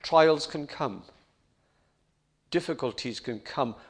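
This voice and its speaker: A middle-aged male preacher with a high voice delivers a sermon at an unhurried pace. He speaks earnestly and builds to fervent appeals. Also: husky.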